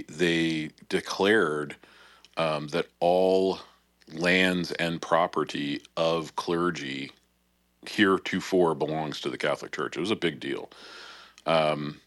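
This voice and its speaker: A very deep-voiced man co-hosting a casual faith podcast. He lays out history in a dry, measured way. The recording is close and dry. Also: steady tone, a bit bright, dry recording. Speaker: podcast co-host. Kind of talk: casual religious discussion.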